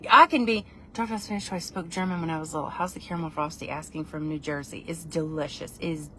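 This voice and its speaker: A woman rambles through a relaxed live chat with her viewers and pokes fun at herself as she goes. Her tone is bright and a little sharp. Faint ambient sound sits under her voice. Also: fairly low pitch, fairly quick, a little hiss or hum. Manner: chatty, rambling and self-deprecating. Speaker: livestream vlogger.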